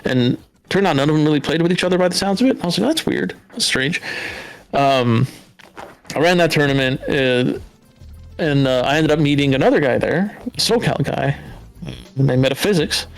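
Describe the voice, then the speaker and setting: A man's voice: on the high side, normal speed. A man from Southern California telling stories as a podcast guest, swearing freely and acting out what others said in a raised voice. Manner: animated, swears freely, acts out quotes in a raised voice. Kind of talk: casual storytelling.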